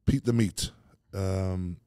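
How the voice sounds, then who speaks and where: A man's voice: deep voice, fairly even intonation, takes it slowly, dark tone, clean tone, no echo, clean studio sound. A middle-aged Welsh man telling rambling stories as a podcast guest, dropping "mate" often. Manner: rambling, storytelling, peppers speech with "mate". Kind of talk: casual chat.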